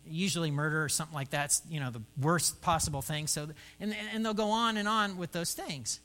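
A man preaching as a pastor, with a high voice and a bright, forceful tone. He tells a story like a lively storyteller, acting out the voices of both people in the conversation. He often doubles back on words and restarts phrases as he thinks aloud. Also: fairly quick. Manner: animated storyteller who acts out both sides of conversations. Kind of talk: sermon storytelling.

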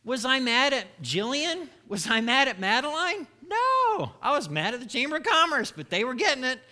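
A middle-aged man delivers a sermon through candid, self-deprecating stories. His voice sits high for a man, with a very bright, forceful, sharp edge. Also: very animated, moderate pace. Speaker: pastor.

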